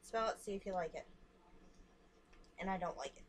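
A woman's voice: on the low side, animated, normal speed, background noise. A young woman vlogger chatting frankly and casually while showing free samples to the camera. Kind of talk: casual chat.

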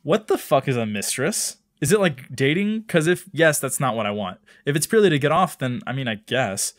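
A man's voice: medium pitch, expressive, a little fast. A young man co-hosting a comedy advice podcast, reading listener letters and joking around with plenty of swearing. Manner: jokey, reads listener letters, profane. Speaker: podcast co-host.

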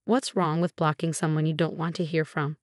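An arrogant younger sister taunts her sibling in a storybook reading, done by a woman narrator. The voice sits low and close, with no room sound, and every line is delivered with smug mockery. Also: level tone, a little fast, no echo, lightly acted.

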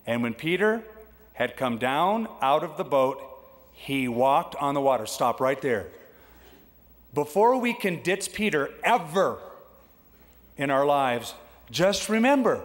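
A man preaching a sermon as pastor, lively and conversational, acting out the voices he quotes. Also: normal speed. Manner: animated, acts out quoted voices with big pitch jumps. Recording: long hall reverb.

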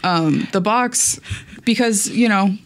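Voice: medium pitch, takes it slowly, fairly bright tone. A casual podcast co-host chatting through gaming news, with frequent ums and casual swearing.

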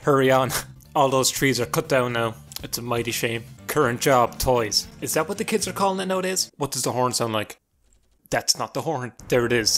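A man's voice: medium pitch, fairly bright tone. Dry-witted young Irish man. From Ireland. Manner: dry, sarcastic, self-mocking banter. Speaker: gaming YouTuber. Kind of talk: playthrough commentary. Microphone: desk mic with pop filter.

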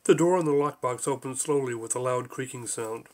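A man's voice: medium pitch, fairly quick. A man reading his own absurd story aloud, slipping in small voices for its many odd creatures. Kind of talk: audiobook narration.

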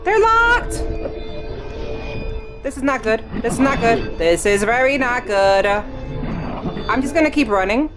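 Excitable woman narrating gameplay, lively pitch. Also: a little slow, music in the background. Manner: excitable, talks to herself, sudden shrieks. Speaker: gaming channel host. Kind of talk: live gameplay commentary.

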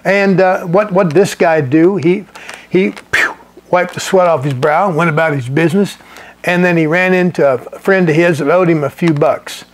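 Folksy high-voiced preacher man. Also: normal speed, slight background noise. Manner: folksy, conversational, with frequent restarts and chuckles. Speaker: pastor. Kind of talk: sermon teaching.

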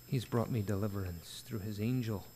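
A man's voice: on the low side, moderate pace, warm tone, a little hiss or hum. Preaching man in a reverberant church. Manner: earnest preaching with emphatic rises. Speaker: pastor. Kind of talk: sermon at a prayer meeting. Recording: church sanctuary with long reverb.

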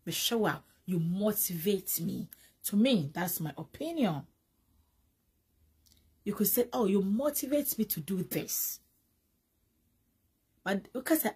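A woman's voice: mid-range voice, lively intonation, unhurried, long pauses, a little mellow, husky. A Ghanaian woman vlogger giving casual commentary, mixing English and Twi with emphatic repetition, a bit drowsy from medication.

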